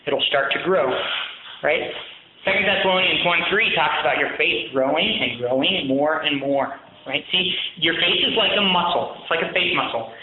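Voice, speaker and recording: A man's voice: a little high, normal speed, background noise. A man giving a sermon as a pastor, talking in an earnest, conversational way and often checking in with listeners. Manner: conversational, earnest, frequent "right?" asides. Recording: very echoey, thin phone-like sound.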